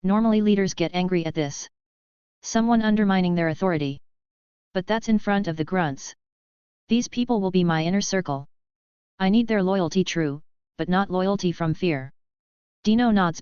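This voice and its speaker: A woman narrating a web novel audiobook in an even, steady reading voice. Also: on the low side, normal speed, long pauses, clean tone, no echo, highs cut off.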